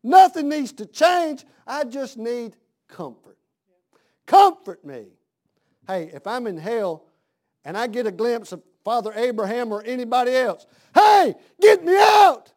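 A man preaching a sermon, dropping to a hush and then rising to shouts with slow, drawn-out emphasis. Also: very high voice, big pitch swings.

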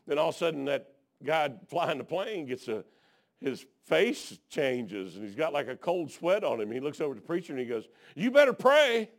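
Gravelly, lively preacher. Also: male voice, mid-range voice, moderate pace. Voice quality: folksy, colloquial, fervent. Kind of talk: storytelling sermon.

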